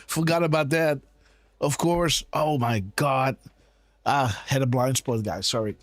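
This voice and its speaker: Unhurried and fairly even in intonation, this man speaks at a medium pitch with no echo. He hosts a live political commentary decode show, insistently posing rhetorical questions, frequently turning to his audience, and saying "guys" and "right?" again and again.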